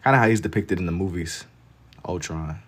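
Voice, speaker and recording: Man, low voice, relaxed slangy livestream chatter, laughs easily, reads comments. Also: a little fast. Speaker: livestreamer drawing on stream. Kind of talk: casual livestream chat, reading comments.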